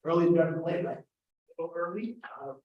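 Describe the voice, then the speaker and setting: A lively, fairly high-voiced man serving as keynote speaker and host rattles off a self-deprecating funny story from the stage. The lo-fi recording catches him from a distance, with heavy echo filling the big event hall.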